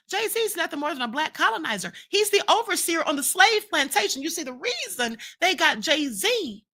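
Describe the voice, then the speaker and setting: A woman's voice: very high-pitched, pushed and bright. A woman hosting her own livestream, giving fiery commentary full of rhetorical questions and repeated lines for emphasis. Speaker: livestream host. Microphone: streaming setup mic.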